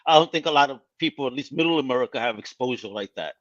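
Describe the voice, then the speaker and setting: A man from Puerto Rico hosting a casual interview podcast, enthusiastic and quick to laugh. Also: medium pitch, animated, fairly bright tone, dull audio. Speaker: podcast host.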